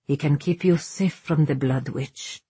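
A woman's voice: deep voice, warm tone, slightly rough, no echo, heavily acted. A woman doing a stern, stoic male guardian. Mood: stern, grave. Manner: grave, measured, unbending.

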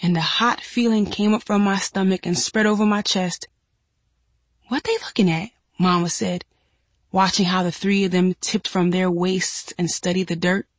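A woman narrating a first-person audiobook in a steady, measured storytelling manner. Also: lowish voice, no room sound.

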